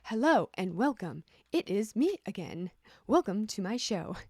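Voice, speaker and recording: A woman putting on a flat, prim voice that imitates an automated phone-menu system. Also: medium pitch, a little slow, husky, dry recording, studio quality. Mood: formal.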